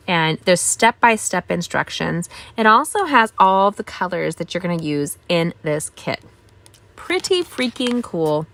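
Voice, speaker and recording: A woman's voice: medium pitch, a bit bright. Chatty woman hosting a craft stream. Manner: chatty, greets viewers, enthusiastic asides. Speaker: craft channel host. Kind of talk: casual live-stream craft demo.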